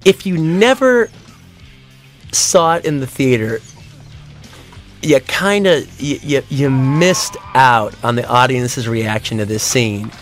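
A man's voice: medium pitch, lively intonation, takes it slowly, soft background music. A man giving a casual audio commentary on a film, rambling with many fillers and restarts and acting out audience reactions in a raised voice.

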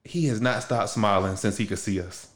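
A man's voice: on the low side, moderate pace, reverberant. A young man hosting a show, talking in a loose, slangy, rambling way with many restarts. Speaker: podcast host. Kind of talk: casual heartfelt conversation.

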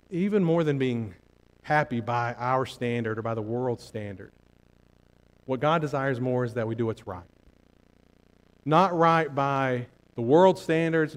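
A man preaching a sermon in church, swinging from hushed asides to loud emphatic repetition and asking the congregation rhetorical questions. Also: mid-range voice.

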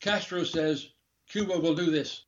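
A man doing a hushed Spanish-accented diplomat. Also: a little high, measured pace, lo-fi sound, voice pushed up, natural voice. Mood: insistent. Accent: heavy Spanish accent, put on. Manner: urgent, secretive, repeating himself. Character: Cuban male diplomat, hushed and urgent.

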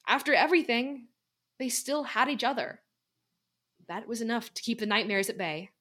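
A teenage girl narrates a fan-written novel aloud, earnest and invested in the emotion of the scene. Her voice sits fairly high. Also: moderate pace, a bit bright. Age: teens. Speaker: co-author and narrator. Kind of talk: amateur audiobook narration.

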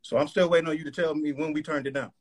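Guy with a slightly high voice, calm but pushy, keeps asking when. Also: racing. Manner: calm, pressing, asks pointed questions. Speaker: participant in a heated live call. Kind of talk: heated argument.

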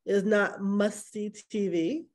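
A woman co-hosting a podcast, chatting in an animated, casual way about television shows. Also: medium pitch, takes it slowly. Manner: animated, chatty, quotes lines dramatically. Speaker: podcast co-host.

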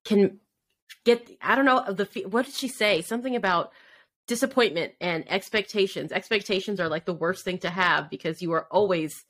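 A woman's voice: mid-range voice, normal speed, a bit bright. A woman co-hosting a casual podcast chat, reflective, asking probing questions and laughing easily. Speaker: podcast co-host.

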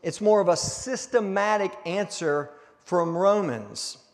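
A man pastor giving a conversational sermon with a recurring cough, restarting words and slowing down for emphasis. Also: sits high, lively intonation. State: coughing now and then. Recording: long hall reverb.

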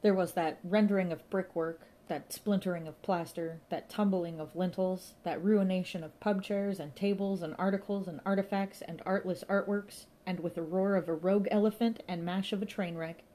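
A woman narrating a comic story in a lively, playful way, voicing sound effects as she reads. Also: lowish voice, normal speed, hardly any pauses. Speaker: audiobook narrator.

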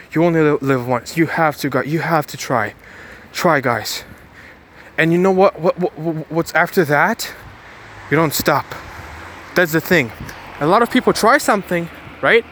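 A man's voice: fairly high pitch, a bit bright, slight background noise. Emphatic, repetitive motivational vlogger, a man. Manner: emphatic and repetitive, speaks straight to viewers; often restarts words and phrases. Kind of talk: motivational monologue. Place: outdoors, about to board a bus.

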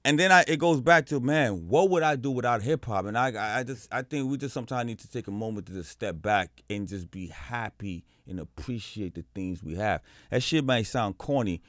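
A man in his forties, a guest musician chatting casually in an interview, telling animated stories, acting out voices and swearing freely. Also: medium pitch, a little fast, hardly any pauses, no room sound, clean studio sound.

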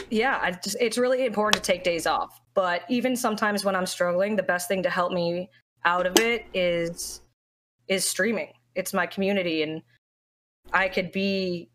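Young woman streamer opening up in an interview, kinda low voice, rambly and heartfelt. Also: background noise. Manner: candid, heartfelt, rambling with many restarts. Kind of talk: emotional interview talk.

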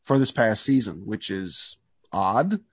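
A man's voice: lowish voice, expressive, takes it slowly, breathy edge, no room sound. A man hosting a podcast in casual chat, enthusiastic and rambling with lots of fillers. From Canada. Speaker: podcast host.

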